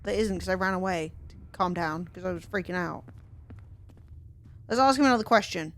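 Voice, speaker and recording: A woman streaming a video game live, talking excitedly to herself and her chat, often swearing. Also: fairly low pitch, brisk. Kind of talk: live gaming commentary.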